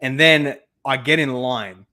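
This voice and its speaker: A young man with an Australian accent, hosting a casual chat over a video call and telling stories with lots of laughter. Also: mid-range voice. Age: young adult. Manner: animated storytelling, laughs often, quick asides. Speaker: host.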